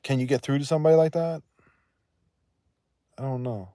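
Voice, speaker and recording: A man's voice: medium pitch, fairly even intonation, moderate pace, mellow, dry recording, studio quality. Profane, rambling man on a livestream. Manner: profane, rambling, laughs often, trails off. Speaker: livestream host. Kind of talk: casual livestream chat.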